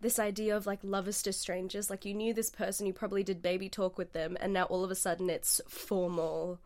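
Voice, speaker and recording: A woman's voice: medium pitch, level tone, brisk, a little mellow. Enthusiastic Indian-born woman, laughing easily. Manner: enthusiastic, laughs often, many likes. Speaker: guest songwriter. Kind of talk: casual podcast chat.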